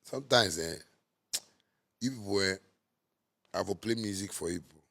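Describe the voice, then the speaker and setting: Gravelly Ghanaian man on a heated rant. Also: deep voice, moderate pace. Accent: Ghanaian Pidgin English. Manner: heated and scolding, with sudden loud outbursts; repetitive and mocking. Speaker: musician. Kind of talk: ranting monologue.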